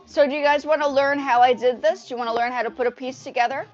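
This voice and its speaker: Woman, casual livestream host, chatty and self-correcting, mid pitch, dull headset audio with faint music behind. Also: steady tone, fast talker. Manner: chatty, talks to viewers, restarts phrases. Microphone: headphone mic. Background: faint music playing.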